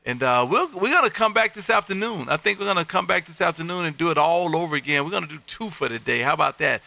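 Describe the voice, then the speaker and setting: Loud gravelly ham radio man. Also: fairly high pitch, lively intonation, fast talker. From Texas. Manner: loud, upbeat, friendly radio operator. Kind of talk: live-streamed ham radio contacts. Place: home radio room.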